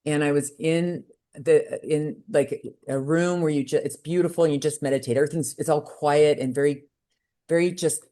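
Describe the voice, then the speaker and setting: Animated woman telling a personal story. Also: normal speed. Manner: animated, acts out quoted voices with big pitch jumps. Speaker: podcast guest. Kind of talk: candid conversational storytelling.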